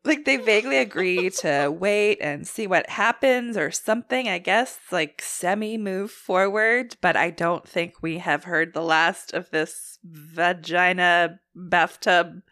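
A woman from Canada co-hosting a podcast, recapping episodes in casual chat and loudly acting out quotes. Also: fairly low pitch, slow pace, few pauses, no room sound, clean studio sound. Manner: animated, acts out quotes loudly. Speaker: podcast co-host.

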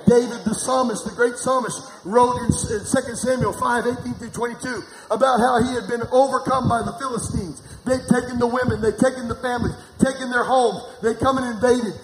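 A man from Missouri preaching a sermon, calling for responses from the congregation and swelling into shouts. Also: very high-pitched, fairly even intonation, fairly quick, few pauses, reverberant, background noise.

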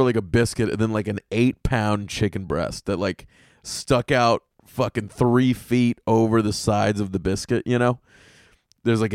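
A man hosting a comedy podcast, ranting in an animated, profane way. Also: lowish voice, dry recording, clean studio sound. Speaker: podcast host.

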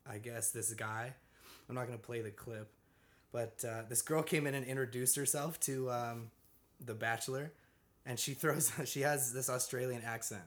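A man's voice: mid-range voice, fairly bright tone. A man co-hosting a casual podcast chat, loose and profane, breaking into laughs often.

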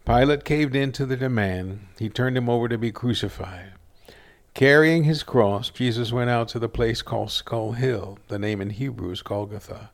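A man reading a scripture passage aloud in a steady, earnest storytelling manner. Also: medium pitch. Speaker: scripture reader.

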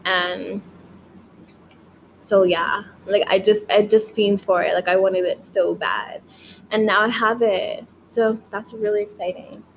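A woman's voice: medium pitch, fairly even intonation, measured pace, vocal fry, a little hiss or hum, rough recording. Rambling, tired young woman vlogger. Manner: rambling, profane, frequent "like" fillers. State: tired but wired. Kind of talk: casual late-night vlog chat. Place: her bedroom at home.

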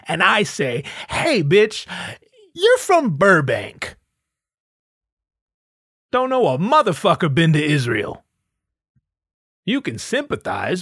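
A man's voice: fairly high pitch, no echo, clean studio sound. A man hosting a podcast, delivering a sarcastic, profane comedic rant. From United States. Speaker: podcast host.

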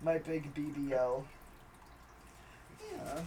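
A man's voice: fairly high pitch, steady tone, slow, distant mic, crowd noise. A man co-hosting a podcast, chatting casually in a crude, profane, teasing way in an indoor room. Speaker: podcast co-host. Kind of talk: casual joking chat.

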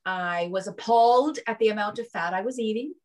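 A woman's voice: mid-range voice, fairly quick. A woman talking as a guest in a casual interview, chatty and often checking in with "right?" and "you know".

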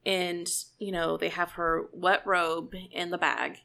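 A woman's voice: level tone, slow pace, creaky, pushed and bright. A woman co-hosting a casual TV recap podcast. She is emotional and acts out scenes she describes. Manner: emotional, re-enacts scenes with high squeaky voices. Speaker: podcast co-host. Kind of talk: casual chat.

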